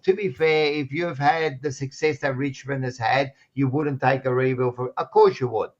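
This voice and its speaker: A man's voice: mid-range voice, steady tone, moderate pace, muffled recording. A man hosting a casual footy podcast, rowdy and egging on the live chat. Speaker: podcast host.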